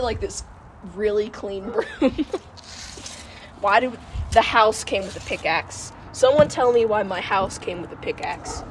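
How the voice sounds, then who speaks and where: A woman hosting a casual livestream, chatting to viewers in a giggly, rambling way. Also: medium pitch. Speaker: livestream host. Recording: noisy livestream audio with outdoor noise. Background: wind and passing cars.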